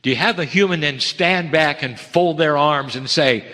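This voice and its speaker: A man delivering a channeled spiritual message in slow, heartfelt, broken phrases, rising to emphatic lines and dropping to hushed ones. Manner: swings between raised emphatic lines and hushed low ones. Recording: long reverb of a large hall.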